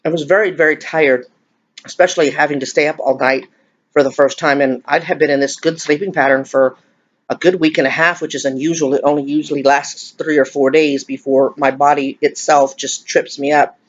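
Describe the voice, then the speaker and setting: A woman's voice: sits low, steady tone, fairly quick. Woman, fifties, confiding vlog chat over a meal, muffled lo-fi audio. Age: 50s. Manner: confiding, emotional, rambling. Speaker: vlogger. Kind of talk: casual chat while eating.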